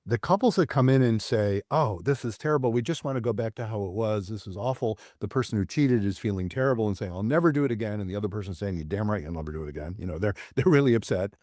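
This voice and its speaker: Man with a low, mellow voice. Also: no echo, studio quality. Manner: thoughtful, measured, gently laughing. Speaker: psychologist guest. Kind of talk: conversational interview.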